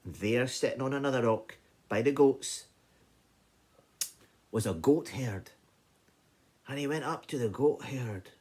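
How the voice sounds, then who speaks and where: A Scottish man telling an old folk tale in a lively, conversational way. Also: mid-range voice, unhurried, long pauses, breathy edge. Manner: animated, conversational narration. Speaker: storyteller. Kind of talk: oral folk-tale storytelling.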